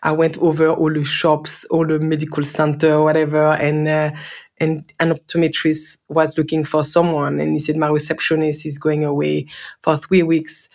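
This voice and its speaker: A woman with a French accent tells her own story in an earnest, reflective way, often repeating words for emphasis. Her voice sits on the low side and has a gravelly, creaky texture. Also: monotone, normal speed, darkish tone. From Guadeloupe, French Caribbean. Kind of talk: personal storytelling.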